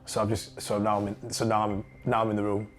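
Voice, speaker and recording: A young man with a Yorkshire accent telling a personal story in a candid, halting way and swearing freely. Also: fairly low pitch, monotone, a little hiss or hum.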